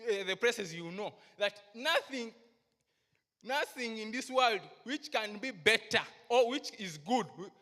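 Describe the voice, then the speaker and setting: A woman preaches in a deliberate, unhurried rhythm, stressing her points and asking her listeners questions. Her voice is bright and ringing. It carries a long reverb from a church hall. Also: a little high. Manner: slow, emphatic, asks the congregation questions. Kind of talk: sermon.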